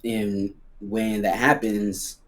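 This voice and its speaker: Man, podcast guest, lowish pitch, casual slangy storytelling, loose fillers. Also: little pitch movement, extremely slow. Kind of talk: candid personal storytelling.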